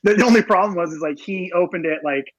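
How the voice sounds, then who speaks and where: A man talking fast and rambling with lots of fillers in casual podcast chat. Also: high-pitched, no room sound, poor audio. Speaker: podcast co-host.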